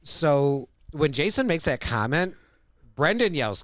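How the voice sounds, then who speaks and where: A man's voice: on the high side, big pitch swings, takes it slowly, a bit bright, dry recording, clean studio sound. A man co-hosting a podcast, recapping an episode's plot and quoting its lines. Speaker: podcast co-host.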